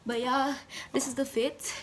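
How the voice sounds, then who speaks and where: Young Jamaican woman, slightly high voice, playful, animated vlog host. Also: unhurried, slight background noise. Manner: playful, animated, slips into patois. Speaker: vlogger. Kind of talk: casual vlog chat to camera.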